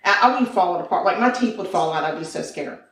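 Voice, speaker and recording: A woman co-host tells a spooky story in a chatty, animated way, breaking off for asides and correcting herself. She sounds set back from the mic. The room around her has a noticeable echo. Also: lowish voice, fast. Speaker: podcast co-host. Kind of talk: casual chat, telling a ghost story. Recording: roomy sound from a distant mic.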